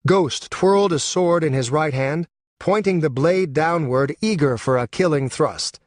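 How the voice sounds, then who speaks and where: A man narrating a fantasy audiobook with a dramatic, expressive reading. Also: a little high, a little slow, no room sound, studio quality.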